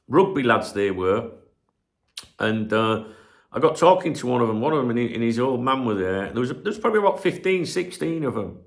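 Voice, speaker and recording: Gravelly male host, middle-aged, rambling home chat with lots of swearing and a lively, bouncing delivery. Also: mid-range voice. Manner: rambling, swears freely, loses his train of thought. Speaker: channel host. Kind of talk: casual rambling chat to camera. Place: home room where he streams.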